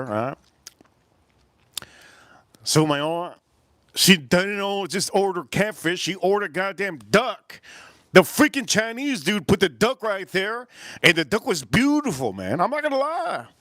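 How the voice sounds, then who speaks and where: A man's voice: mid-range voice, no room sound. A man hosting a livestream, telling a story in a blunt, profane, rambling way with lots of repeats. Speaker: livestream host.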